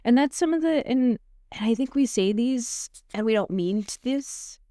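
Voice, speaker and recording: Woman, smooth clear voice, counselor, asks guiding questions, dry close mic. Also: on the high side, lively intonation, normal speed, dark tone, no echo. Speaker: counselor and co-host. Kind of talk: conversational podcast discussion.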